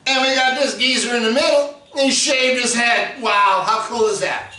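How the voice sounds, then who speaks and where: A man hosting a record review show, talking in casual, excitable hip sixties slang. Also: very high voice, normal speed, recorded from a distance. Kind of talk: casual enthusiastic monologue. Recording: roomy echo, off-mic, faint noise.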